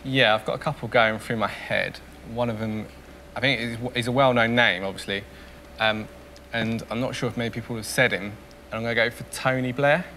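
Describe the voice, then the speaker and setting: A man's voice: mid-range voice, fairly even intonation, a little fast, sharp tone, a little hiss or hum. A man competing as a quiz contestant, thinking aloud hesitantly before he answers in a TV studio.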